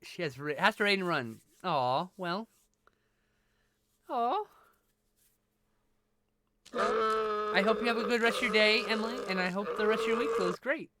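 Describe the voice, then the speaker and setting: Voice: mid-range voice, unhurried, long pauses. A live streamer chatting casually with viewers, thanking them and swearing freely. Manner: greets and thanks viewers warmly.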